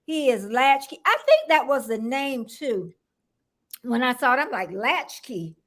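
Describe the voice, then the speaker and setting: A woman's voice: sits high, very animated, a little slow, a bit bright. An older woman from Florida hosting a casual livestream, chatting with a guest and greeting viewers by name with frequent laughter. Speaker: livestream host.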